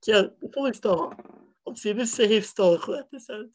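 A man's voice: high-pitched, lively intonation, a little fast, a little hiss or hum, poor audio. A young man, a podcast guest, chatting casually with a rambling, hesitant flow. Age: young adult. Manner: rambling, lots of fillers and restarts.

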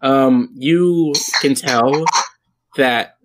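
This is a man running a tabletop game as its game master. His pitch sits at an everyday middle, and he narrates casually, stopping and restarting often around plenty of fillers. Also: noisy background. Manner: halting, many fillers and restarts.

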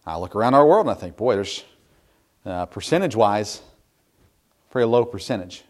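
A man's voice: lowish voice, animated, normal speed. A man preaching a sermon as a pastor, earnest and explaining scripture, often repeating words as he thinks aloud.

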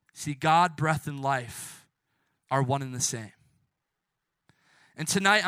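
High, bright-voiced impassioned young preacher man. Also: no echo, studio quality. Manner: impassioned, swinging between soft hushed lines and loud emphatic ones; casual, self-correcting asides. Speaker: youth pastor. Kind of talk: sermon and closing prayer.

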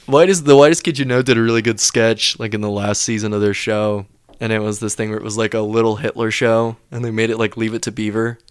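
A man's voice: fairly low pitch, level tone, fast talker, clean tone, dry recording. A man who writes comedy, hosting a casual chat, rambling through stories and laughing at his own jokes. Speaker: comedian and podcast host.

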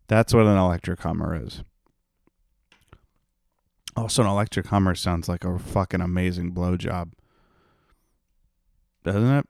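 Young guy, low smooth voice, dry close sound; sarcastic, profane podcast host. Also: normal speed, long pauses, a little mellow, dry recording. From Rhode Island, United States. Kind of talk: casual solo podcast rant.

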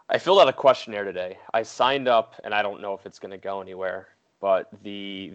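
A man's voice: lowish voice, fairly bright tone. A man co-hosting a podcast, explaining earnestly in casual chat, with some hesitant fillers. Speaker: podcast co-host.

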